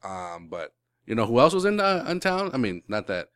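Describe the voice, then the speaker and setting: A man's voice: medium pitch, sing-song, normal speed, a bit bright, smooth, dry recording, studio quality. A male podcast host in casual sports chat, rambling with lots of restarts and the odd swear word.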